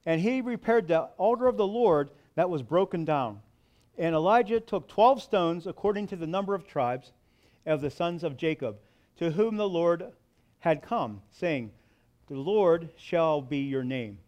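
Higher-voiced preacher. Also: male voice, animated, measured pace, a little mellow, muffled recording. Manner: asks the listeners questions and answers them himself. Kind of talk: sermon, reading scripture.

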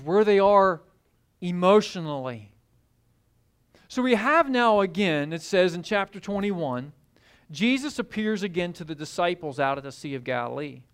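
A man preaching a sermon, telling the story in an animated way and acting out the scenes. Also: high-pitched. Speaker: pastor.

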